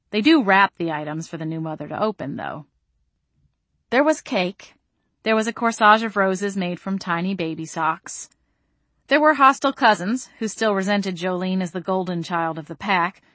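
A woman reads a first-person audiobook with dry wit, her voice a little lower than most. The sound is close and dead, with no room around it. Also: no echo. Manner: wry, deadpan delivery. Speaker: audiobook narrator.

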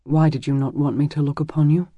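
A man voicing a gentle, teasing medieval warrior who speaks low and tenderly. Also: level tone, fast, no room sound, highs cut off, close to an everyday voice.

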